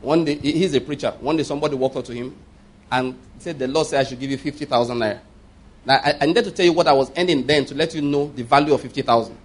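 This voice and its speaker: A man's voice: mid-range voice, fast. A man in his fifties preaching a sermon with emphasis, repeating his points and checking that listeners follow.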